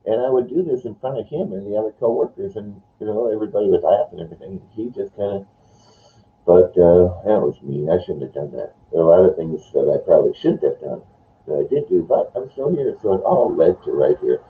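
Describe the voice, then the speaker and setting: A man's voice: low voice, brisk. An older man hosting a morning show, rambling chattily and playfully. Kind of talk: rambling casual monologue. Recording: tinny phone-like sound.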